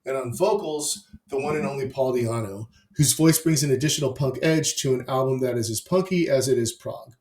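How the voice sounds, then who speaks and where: A man's voice: mid-range voice, darkish tone. A man hosting a music review, talking through albums with enthusiasm, profanity and wry asides. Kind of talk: opinionated album review monologue. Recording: roomy echo.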